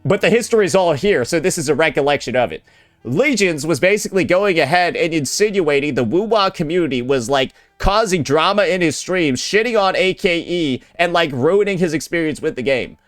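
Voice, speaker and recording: A man's voice: on the high side, expressive, fairly quick, faint music behind. A man giving casual ranting commentary, blunt and sarcastic, often repeating himself and swearing. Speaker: commentary YouTuber.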